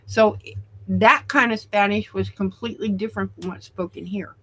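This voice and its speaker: An older woman chatting plainly at home. Her voice is bright and forceful, and a faint hiss sits under the recording. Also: medium pitch, steady tone, normal speed, low-quality recording. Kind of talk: casual chat.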